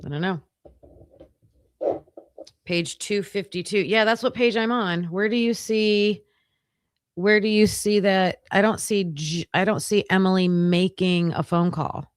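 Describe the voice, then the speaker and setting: A woman's voice: medium pitch, steady tone, measured pace, clean tone, no room sound, clean studio sound. A woman hosting a casual true-crime livestream, reading case documents aloud and thinking aloud as she skims pages, with hesitant restarts.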